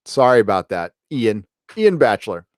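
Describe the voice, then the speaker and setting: Man, low voice, dry close sound, rambling live-stream chat, swears, many fillers. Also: big pitch swings, moderate pace, no room sound. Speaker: host of a live chat show. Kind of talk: casual live-stream chat reading comments.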